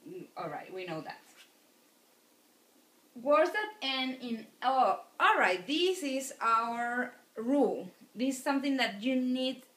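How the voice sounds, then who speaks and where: A woman's voice: sits high, animated, slow, a bit bright. A woman teaching a lecture, patiently repeating words for her students. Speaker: Spanish teacher. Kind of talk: recorded classroom lecture. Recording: echoey room.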